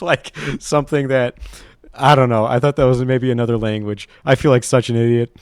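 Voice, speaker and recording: A man's voice: mid-range voice, a little slow, a little mellow, no echo. A young man telling stories and reading posts aloud in a rambling, casual way, swearing often and laughing at himself. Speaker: reddit story reader.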